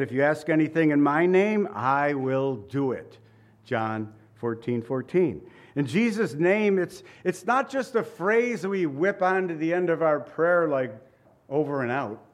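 A man preaching a sermon with emphatic repetition and light asides, now and then chuckling. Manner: emphatic, repeats phrases, shifts pitch for quoted lines.

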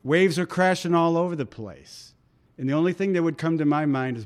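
A man's voice: a little high, a little fast. A man preaching a conversational sermon, acting out quoted voices as he reads and comments on scripture. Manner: conversational, dramatic quoting of voices.

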